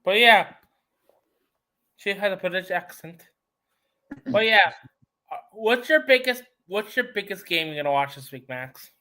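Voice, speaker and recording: Male co-host, teasing sports banter, high voice with a sharp bright edge. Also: expressive, a little slow, pauses often. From United States. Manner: playful, teasing. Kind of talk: casual sports chat.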